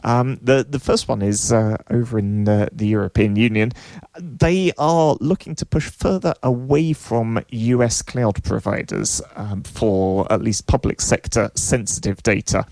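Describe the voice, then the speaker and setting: A man co-hosting a casual tech news podcast, talking in a halting, wry way as he thinks aloud. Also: medium pitch, creaky, a little mellow, no echo. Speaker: podcast co-host.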